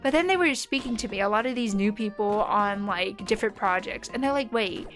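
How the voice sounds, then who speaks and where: A woman's voice: mid-range voice, expressive, fairly quick, fairly bright tone, faint music behind. A young woman from the United States with a neutral American accent, chatting casually with viewers while she plays a game, rambling with lots of fillers. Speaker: streamer.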